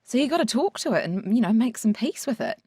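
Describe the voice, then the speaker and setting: A woman's voice: on the high side, very animated, quick pace, husky, no echo. Reflective woman, dry close sound. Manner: warm, reflective, laughs often. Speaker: podcast co-host. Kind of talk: casual chat.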